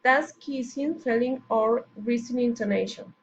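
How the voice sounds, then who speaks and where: A woman, a Spanish native speaker, carefully reading English pronunciation and intonation drills aloud. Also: on the high side. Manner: slow, careful, deliberate word-by-word reading. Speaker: language learner. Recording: slightly dull lo-fi recording with faint background noise.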